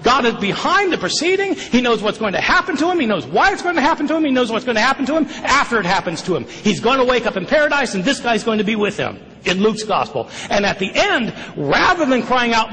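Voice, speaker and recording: A man giving a public lecture in an emphatic, questioning way, with quick bursts of speech. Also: extremely high pitch, big pitch swings, pushed and bright, long reverb tail, rough recording. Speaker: lecturer on the New Testament.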